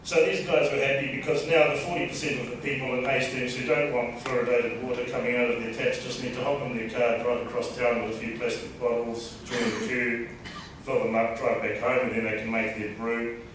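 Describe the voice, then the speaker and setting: A man with a New Zealand accent giving a measured lecture presentation as a dentist, with a dry sense of humor. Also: medium pitch, little pitch movement, background noise. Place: lecture hall. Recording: distant echoey hall mic.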